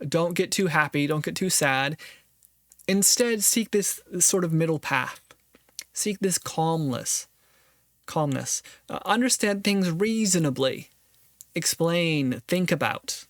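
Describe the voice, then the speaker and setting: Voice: medium pitch, lively intonation, unhurried, no room sound, clean studio sound. A podcast host giving earnest, reflective solo commentary on a philosophy text, thinking aloud and restarting phrases often.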